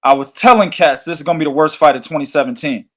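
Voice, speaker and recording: A man hosting a boxing podcast, ranting in a loose, profane, animated way. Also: a little high, fast talker. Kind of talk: casual podcast chat.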